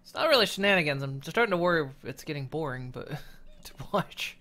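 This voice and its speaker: A man's voice: on the high side, animated, fairly quick, bright, forceful tone. A man streaming a video game, chatting casually and thinking aloud with hesitant restarts. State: hiccuping. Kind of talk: casual gameplay chat.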